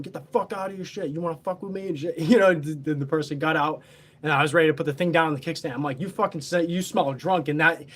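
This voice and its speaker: A man telling a story in a casual, boastful, heavily profane, rambling way. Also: fairly high pitch.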